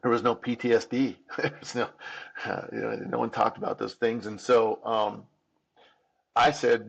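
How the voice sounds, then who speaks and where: Gravelly man in his fifties, halting. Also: medium pitch, flat delivery, muffled recording. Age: 50s. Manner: halting, restarts and repeats words; candid, earnest. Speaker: podcast guest. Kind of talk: personal storytelling in an interview.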